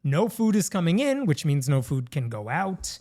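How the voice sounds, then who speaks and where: A man's voice: a little high, sing-song, normal speed, dark tone. A man hosting a podcast, telling a news story in casual, conversational chat. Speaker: podcast host.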